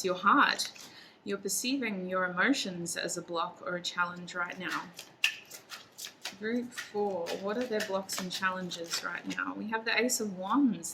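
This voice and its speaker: A woman's voice: medium pitch, background noise. A woman giving a chatty pick-a-card tarot reading to her viewers, laughing often as she talks. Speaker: tarot reader.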